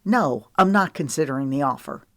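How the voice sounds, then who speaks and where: A woman voicing a stubborn, gruff young male cowboy in an audiobook, speaking curtly and bluntly. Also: low-pitched, animated, a little slow, no echo, studio quality, heavily acted. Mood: annoyed. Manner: curt and blunt. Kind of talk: audiobook character reading.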